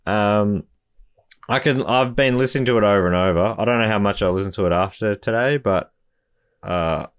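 A man's voice: lowish voice, moderate pace, clean tone, no room sound, studio quality. A man co-hosting a casual album podcast, easygoing and thinking aloud as he talks. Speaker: podcast co-host. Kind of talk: casual chat about albums.

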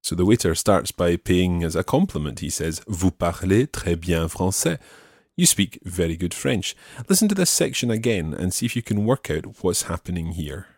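A man teaching a language podcast lesson with a very low, slightly husky voice. He explains patiently and methodically, slowing down to model words, recorded dry in a studio. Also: big pitch swings, a little mellow, no room sound.

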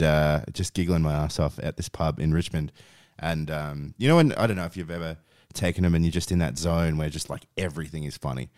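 Young Australian male co-host, very deep voice, relaxed and easily amused. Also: dry recording, studio quality. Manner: laid-back, laughs a lot. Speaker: podcast co-host. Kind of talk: casual chat.

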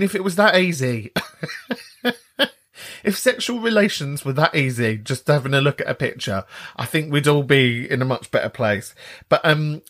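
A man hosts a podcast in a camp, teasing manner. His pitch swings widely as he jokes and giggles through his replies to callers. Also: fairly bright tone. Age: 30s. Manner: camp, jokey, giggly, quick asides. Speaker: podcast host. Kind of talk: casual chat responding to callers.

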